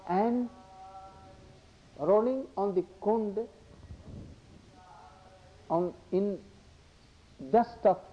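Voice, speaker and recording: An older man giving a devotional discourse, halting and repetitive, slipping into Hindi asides. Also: high voice. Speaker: religious speaker. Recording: dull lo-fi recording.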